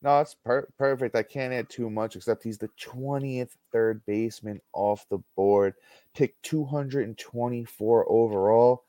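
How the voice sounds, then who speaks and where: A man hosting a casual sports podcast, upbeat and reading stats in a steady list. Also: medium pitch, a little slow, dry recording. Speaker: podcast host.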